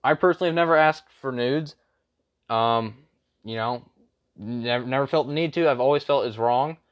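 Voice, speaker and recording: A young man talks straight to the camera in a loose, rambling rant. He leans on fillers and slang, and his voice sits at an ordinary pitch for a man. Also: normal speed, dull audio. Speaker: vlogger. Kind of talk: casual storytime rant.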